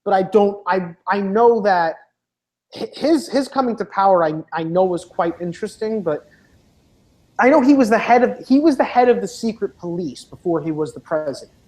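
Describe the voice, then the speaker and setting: A woman chatting casually in an online voice lobby, blunt and profane, getting animated as she talks. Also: mid-range voice, normal speed, poor audio. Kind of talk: casual voice chat.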